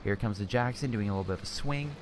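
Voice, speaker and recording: A man's voice: fairly low pitch, fast, noisy background. A young man giving casual commentary over a strategy game replay, chatty and exclamatory, often restarting his sentences.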